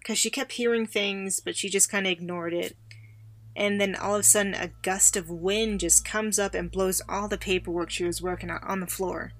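A woman's voice: medium pitch, normal speed, dry recording. A woman co-hosting a podcast, telling a personal spooky story in a chatty, casual way and acting out the people she quotes. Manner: chatty, animated when quoting others. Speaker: podcast co-host.

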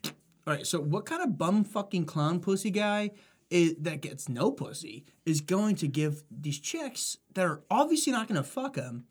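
A young man with a high, slightly husky voice co-hosts a casual podcast. He swears freely and rambles through crude stories, laughing as he goes. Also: big pitch swings, moderate pace. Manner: profane, laughing, rambling storyteller. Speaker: podcast co-host.

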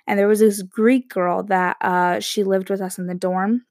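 A woman's voice: mid-range voice, flat delivery, normal speed, a little mellow, dry recording. Young woman, early twenties, casual vlogger with a chatty, rambling delivery and a dry sound. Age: young adult. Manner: rambling, chatty, heavy use of "like", frequent laughs and self-interruptions. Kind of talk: casual monologue to camera.

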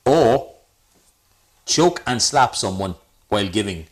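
A man's voice: lowish voice, animated, slow. A man co-hosting a podcast, teasing his friend and laughing in casual comedic chat. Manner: playful, teasing, laughs often. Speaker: podcast co-host.

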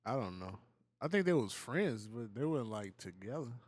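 A man's voice: mid-range voice, very animated, normal speed, darkish tone, no echo. A man co-hosting a podcast, chatting in laid-back, profane, joking banter. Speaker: podcast co-host. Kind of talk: casual chat.

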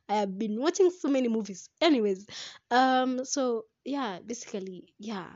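A young woman, talking casually to camera about relationships in a chatty, animated way. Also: on the high side, normal speed, no room sound, highs cut off. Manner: chatty and animated, breaks into laughter, slips into Swahili. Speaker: vlogger.

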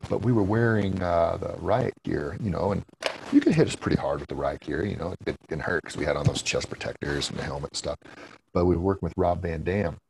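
A man with a very low, gravelly voice, easygoing and chatty as a podcast guest. He tells his stories loosely, laughs between lines and drops casual swears. A faint hiss sits under the voice. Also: a little fast. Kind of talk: casual storytelling chat.

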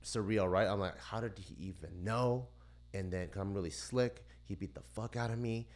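Profane, animated man telling a story. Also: on the low side, normal speed. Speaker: podcast co-host. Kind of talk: casual chat, storytelling.

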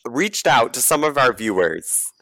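Bright-voiced laid-back man, slow talker. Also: mid-range voice, sing-song, no room sound. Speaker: podcast co-host. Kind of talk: casual chat.

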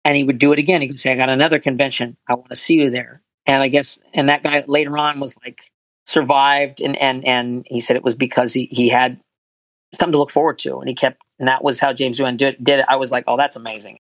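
Male voice actor, earnest rambling talker, medium pitch, dry recording. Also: little pitch movement, fast, fairly bright tone, no room sound, rough recording. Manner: rambling, restarts often, earnest. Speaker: voice actor guest. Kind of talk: casual interview chat.

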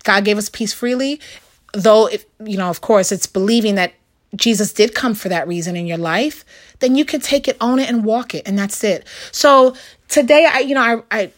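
A middle-aged woman giving a casual Christian devotional talk, animated and conversational, full of fillers and little acted-out quotes. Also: mid-range voice, moderate pace.

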